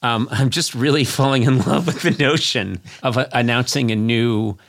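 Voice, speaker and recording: A man's voice: medium pitch, normal speed, vocal fry, a bit bright. A man hosting a comedy podcast, chatting playfully and drifting into silly bits. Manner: playful, jumps into silly voices. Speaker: podcast host. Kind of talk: casual comedic chat.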